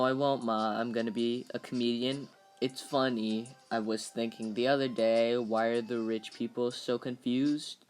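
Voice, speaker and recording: In a parody dub of a film script, a man voices a troubled, lonely male aspiring comedian, halting and stammering through the lines. His voice is medium-pitched and smooth, lightly acted.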